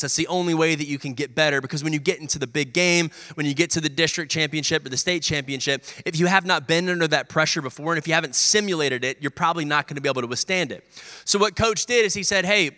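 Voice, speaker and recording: Energetic young man preaching in a reverberant hall. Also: a little high. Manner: energetic storytelling, acts out voices of teammates and coach. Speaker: pastor. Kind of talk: sermon.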